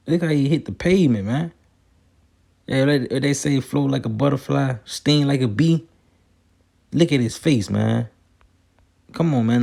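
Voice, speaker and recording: Gravelly, husky man preaching casually. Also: mid-range voice, mellow. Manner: colloquial, peppers lines with "man", reads scripture slowly. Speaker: street preacher. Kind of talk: casual sermon over video clips.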